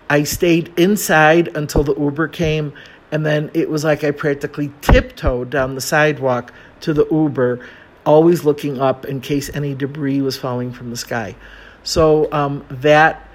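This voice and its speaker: An American man telling a self-mocking travel story in a chatty, casual way, with many fillers. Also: fairly high pitch. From United States.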